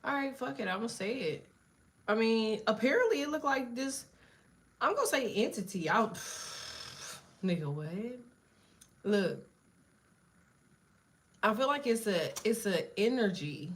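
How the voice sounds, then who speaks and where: A woman's voice: fairly high pitch, measured pace, long pauses. Brief: woman tarot reader, live casual reading, blunt, swears freely, talks straight to viewers. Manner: blunt and profane, chatting to viewers; animated, jumps between cards and asides.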